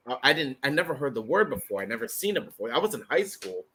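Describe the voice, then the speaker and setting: A man's voice: mid-range voice, racing, hardly any pauses, slightly rough. A man telling a story in a casual group chat, swearing freely and repeating himself for emphasis. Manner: animated, profane, repeats himself.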